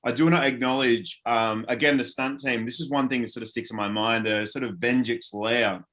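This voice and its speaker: A man's voice: mid-range voice, fairly even intonation, fairly quick, a bit bright. Enthusiastic man rambling through stories. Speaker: panel guest, former series actor. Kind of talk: casual panel chat.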